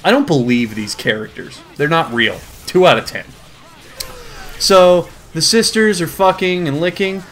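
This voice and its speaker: A man's voice: on the high side, a little slow. A young man hosting a comedic video, reading a comic aloud with sarcastic commentary and frequent laughter. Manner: sarcastic, laughs often, lively. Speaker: host.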